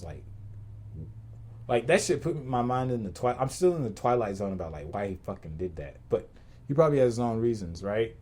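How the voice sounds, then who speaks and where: Male podcast host, mid-pitch voice with a lively swing, profane slangy rant delivery. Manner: animated, profane, slangy, rambling with repeats. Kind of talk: casual rant storytelling.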